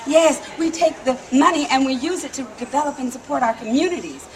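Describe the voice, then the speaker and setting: A woman storyteller giving an animated, playful live performance at an outdoor theme park stage. She leads the audience in call-and-response and laughs often. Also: high voice, a little fast, hardly any pauses, a little hiss or hum.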